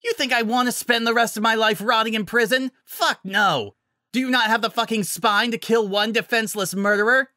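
A man's voice: very high-pitched, drawn-out words, few pauses, sharp tone, no room sound, clean studio sound, pitched above the performer's own voice, heavily acted. A man voicing an unhinged, vengeful female ex-flier villain who screams and swears in a frantic rage. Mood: raging.

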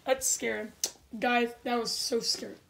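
A woman's voice: on the high side, steady tone, normal speed, creaky, a bit bright. A woman hosting a scary-video reaction, jumpy and stammering, with gasping exclamations. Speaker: reaction channel host. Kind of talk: scared reaction commentary.

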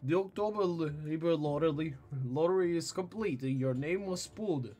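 A man's voice: a little high, normal speed, a little mellow, lightly acted. A man voicing a stern male state official reading bulletins in a put-on mock Russian accent, stiff and formal, with faint game music behind.

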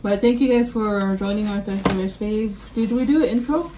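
A woman's voice: mid-range voice, normal speed, noisy background. Laughing woman in a casual food vlog. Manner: laughs often, relaxed and chatty. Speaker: vlog co-host. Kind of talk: casual chat.

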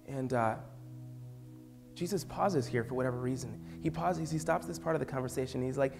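A man's voice: medium pitch, fast talker, darkish tone, soft background music. A man with a Midwestern American accent, a youth pastor preaching a sermon and telling the story with acted-out voices.

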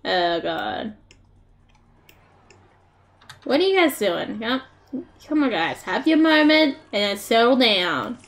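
A woman's voice: on the high side, sing-song, slow pace, long pauses. A young Australian woman streaming a game, chatting casually, laughing often and talking to the characters on screen. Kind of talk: casual live-stream gameplay commentary.

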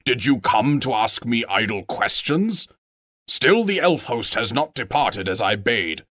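A man's voice: mid-range voice, sing-song, a bit bright, no echo, studio quality. A man voicing a proud, stern male dwarf king, grave and commanding. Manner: grave, commanding, quick to wrath.

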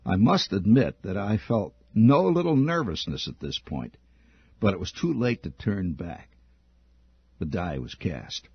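Husky, deep-voiced male storyteller. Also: normal speed, no room sound. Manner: wry, vividly expressive storytelling. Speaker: storyteller reading his own story. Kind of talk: dramatic first-person story reading. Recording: muffled dry old archive recording.

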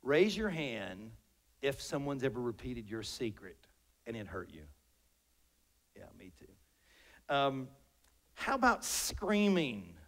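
A man's voice: medium pitch, very animated, slow pace, pauses often, a bit bright. A man preaching a sermon to his congregation, joking and asking rhetorical questions. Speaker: pastor. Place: church sanctuary.

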